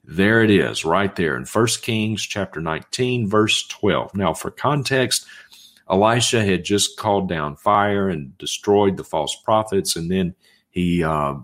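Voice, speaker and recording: Guy with a lowish voice teaching a sermon, reads the verses then hammers the point home. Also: measured pace, a bit bright. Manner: reads scripture aloud, then argues each point emphatically. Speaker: Bible teacher. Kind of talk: expository sermon.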